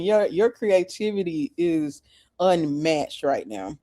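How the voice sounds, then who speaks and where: A man's voice: on the high side, lively intonation, measured pace, a little mellow. A man coaching options trading live, chatting casually and joking with his viewers. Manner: joking, chatty, addresses chat as y'all. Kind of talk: casual livestream trading chat.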